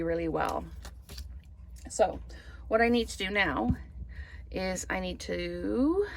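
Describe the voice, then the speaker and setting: A woman's voice: fairly low pitch, gravelly, a bit bright, slight background noise. A woman chatting through a card-making tutorial, thinking aloud as she works. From Canada. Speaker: papercraft demonstrator.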